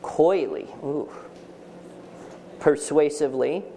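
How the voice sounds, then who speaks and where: A man's voice: a little high, expressive, takes it slowly, dark tone, slight background noise. A man leads a writing workshop for home-schooling parents before a live audience in a seminar room. He talks in an emphatic, joking way and keeps quizzing the crowd for answers. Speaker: writing teacher.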